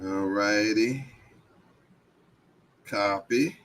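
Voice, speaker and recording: Speaking a little slowly in a voice on the low side, this man hosts a livestream, reading out viewer comments and chatting in a relaxed, slangy way.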